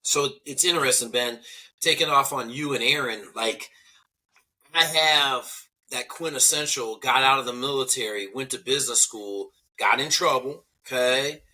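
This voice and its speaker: A man's voice: medium pitch, moderate pace, bright, forceful tone. A man in his forties, a former special operations veteran, telling blunt, profane stories in a casual panel talk. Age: 40s.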